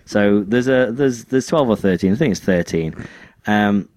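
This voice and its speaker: A man's voice: fairly low pitch, normal speed, a little mellow, dry recording. A young man co-hosting a podcast in casual chat, rambling and often stumbling and correcting himself. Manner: rambling, stumbling over words, self-correcting. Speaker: podcast co-host.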